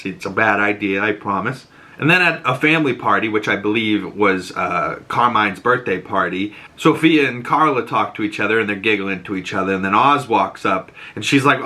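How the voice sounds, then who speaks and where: Young boston guy recapping a tv show on his podcast, bright punchy voice, does little voices for the characters. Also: normal speed. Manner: animated, acts out quoted lines in higher voices. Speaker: podcast host. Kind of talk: casual TV episode breakdown.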